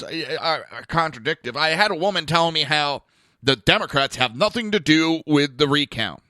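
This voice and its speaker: A man's voice: a little high, expressive, normal speed, sharp tone, no echo, studio quality. A middle-aged man hosting a podcast, ranting bluntly with profanity and mocking asides. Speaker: podcast host. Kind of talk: ranting political commentary.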